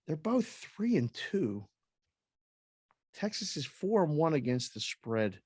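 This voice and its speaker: A man's voice: medium pitch, dry recording. Man in dry close-mic podcast chat. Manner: animated, jokey, self-mocking. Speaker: sports betting podcast co-host. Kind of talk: casual sports betting chat.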